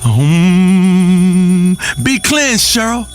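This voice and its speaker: An actor playing a flamboyant, erratic radio health guru who rants theatrically, swinging from crooning to shouting. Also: male voice, extremely high pitch, big pitch swings, moderate pace, music in the background. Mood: manic. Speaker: radio talk show host. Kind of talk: comedic radio show acting.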